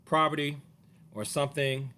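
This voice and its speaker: A man's voice: a little high, fairly even intonation, normal speed, sharp tone. A martial arts teacher telling a personal story to camera in a casual way, acting out the other people's voices as he goes.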